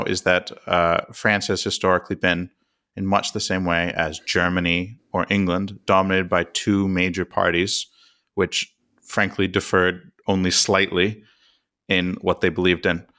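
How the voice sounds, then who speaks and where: A man's voice: sits low, little pitch movement, normal speed, bright, forceful tone. An American man co-hosting a podcast, explaining politics in a chatty, self-deprecating way with fillers and restarts. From United States. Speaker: podcast co-host.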